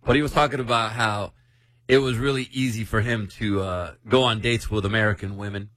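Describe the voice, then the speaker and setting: A man's voice: fairly low pitch, steady tone, fairly quick, fairly bright tone, dry recording. A man hosting a casual group chat, playfully quizzing the others. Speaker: host.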